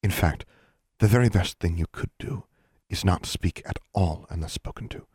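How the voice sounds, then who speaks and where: A man voicing a stern female school dean in an audiobook, speaking quietly and earnestly. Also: sits low, normal speed, husky, no echo, studio quality.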